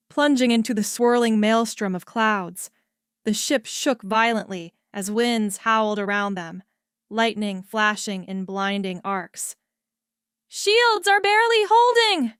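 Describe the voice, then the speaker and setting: A woman narrates a sci-fi story at an unhurried, slow pace. Her voice is smooth and resonant, recorded close and dry with no room sound. The telling stays steady and even. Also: mid-range voice, no echo.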